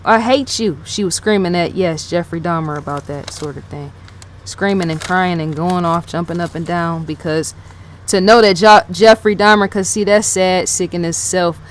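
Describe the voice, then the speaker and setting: A woman's voice: on the low side, fairly even intonation, moderate pace, a little hiss or hum. A woman giving casual unscripted commentary as a channel host, rambling, rereading her notes aloud and repeating herself, with many "yes" and "right?" fillers. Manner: fills talk with "yes", "right?" and "in fact".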